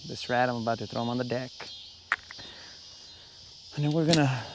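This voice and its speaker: Man, casual fishing chat, laid-back, mid-pitched voice, outdoors on a boat, faint crickets and insects behind. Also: fairly even intonation, normal speed, noisy background. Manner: laid-back, chatty, says "bro" often. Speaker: fishing streamer. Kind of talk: casual live-stream chat while fishing.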